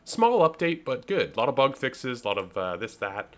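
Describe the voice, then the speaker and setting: A man's voice: medium pitch, sing-song, normal speed, a bit bright. A young man from Canada giving casual, rambling commentary over his own gameplay, chatting and interrupting himself as he goes. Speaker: gaming YouTuber.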